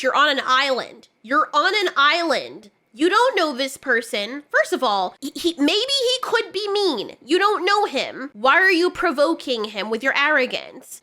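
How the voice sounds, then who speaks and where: Woman, video reviewer, exasperated, sarcastic, profane, high-pitched, sharp tone. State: unwell. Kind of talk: ranting review commentary.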